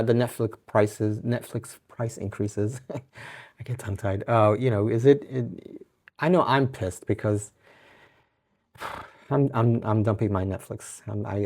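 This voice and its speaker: A man's voice: mid-range voice, a little mellow. A man hosting his own podcast, talking in a loose, rambling way with frequent restarts, laughs and casual swearing. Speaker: podcast host. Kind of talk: casual solo podcast monologue.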